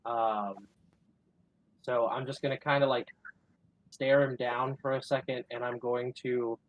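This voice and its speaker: A man's voice: mid-range voice, a little slow, dry recording, lo-fi sound. A man playing a tabletop game who describes his character's actions tentatively, with many fillers. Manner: filler-heavy, tentative, bursts of excitement at rolls. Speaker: player.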